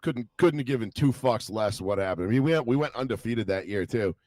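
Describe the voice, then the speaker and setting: A young man co-hosting a podcast, rambling through stories in casual chat, swearing a lot and acting out what people said in lively voices. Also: mid-range voice, fairly quick, dry recording. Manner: rambling storytelling, heavy swearing, animated quoted voices. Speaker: podcast co-host.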